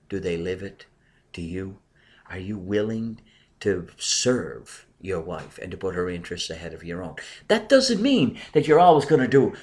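A middle-aged man preaches in an earnest, emphatic way. His fairly low voice swells on key points and sinks to near murmurs on asides. He takes replies from his listeners along the way. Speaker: pastor. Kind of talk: sermon with congregation replies.

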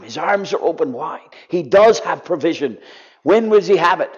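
Impassioned preacher, lo-fi recording. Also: male voice, fairly high pitch, lively intonation, moderate pace, slightly rough. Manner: impassioned, drops to soft pleading. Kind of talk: sermon. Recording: dull lo-fi sound.

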